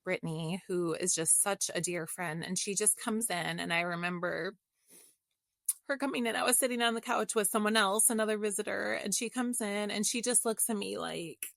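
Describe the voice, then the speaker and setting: A woman's voice: medium pitch, moderate pace, gravelly, a bit bright, no echo, studio quality. A middle-aged woman, a podcast guest, telling a personal story in an open, reflective and emotional way in casual conversation.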